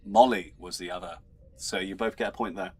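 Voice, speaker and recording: A man's voice: low-pitched, fairly even intonation, fairly quick, slight background noise. A man hosting an online trivia show as quizmaster, chatty, laughing often and tripping over his words. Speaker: quizmaster host.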